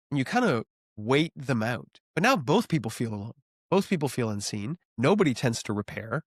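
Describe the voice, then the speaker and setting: Guy in his 30s giving relationship advice, kinda high voice, dry close sound. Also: dry recording. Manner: calm, earnest, coaching tone with acted example phrases. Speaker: relationship coach. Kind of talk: advice talk to camera.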